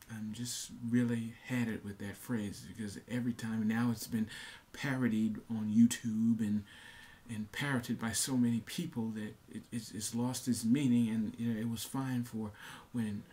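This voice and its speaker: A man's voice: medium pitch, warm tone. A young man talking earnestly to his camera in a casual monologue, repeating himself with many fillers and restarts. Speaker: vlogger.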